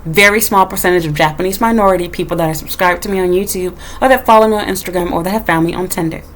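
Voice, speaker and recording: A woman's voice: fairly low pitch, quick pace, a little hiss or hum. Casting: woman vlogger, blunt and profane, ranting straight to camera. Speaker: YouTuber. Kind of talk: casual rant to camera. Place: home in Japan.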